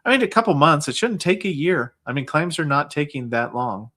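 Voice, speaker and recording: A man's voice: on the high side, big pitch swings, a little fast, bright, forceful tone. Man explaining veterans claims, filler-heavy. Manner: explains steadily with many fillers like "I mean" and "like". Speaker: guest, veterans benefits adviser. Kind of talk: casual livestream conversation.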